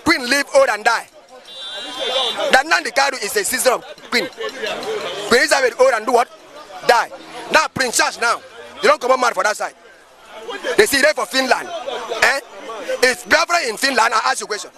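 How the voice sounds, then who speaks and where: High, gravelly Nigerian preacher man. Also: lively intonation, moderate pace, long pauses, crowd noise. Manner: emphatic, preachy, full of rhetorical questions. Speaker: pastor. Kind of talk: impassioned street commentary.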